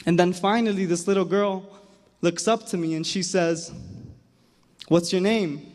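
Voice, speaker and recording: A man's voice: sits high, fairly even intonation, darkish tone. A young man telling a personal story on stage at an awards event, earnest and emotional, often repeating words as he goes. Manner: earnest, emotional, halting repetitions. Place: large hall. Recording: hall reverb from a big room.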